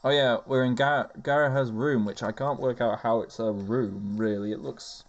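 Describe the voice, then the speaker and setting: A man's voice: mid-range voice, steady tone, normal speed, lo-fi sound, soft background music. A man giving casual, chatty gameplay commentary as a let's-play host, self-mocking and wry.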